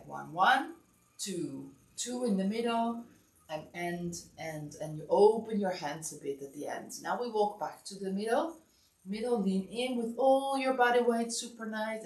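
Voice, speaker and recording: A woman teaching a massage class, giving calm step-by-step instructions in a relaxed, drowsy way. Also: medium pitch. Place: warm room. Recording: echoey room, distant mic.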